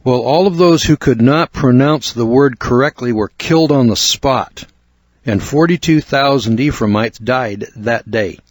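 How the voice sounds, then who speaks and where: An older American man narrating a spoken book review in a measured, earnest lecturing way with asides. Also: mid-range voice, no echo. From United States.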